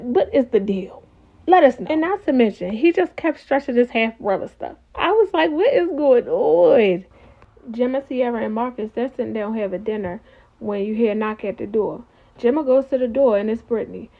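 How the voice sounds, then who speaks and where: A woman's voice: on the high side, fairly quick. A woman giving a casual, opinionated recap of a TV episode and talking straight to her viewers. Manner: chatty, opinionated, talks to viewers as y'all. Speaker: TV recap reviewer. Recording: tinny phone-like audio.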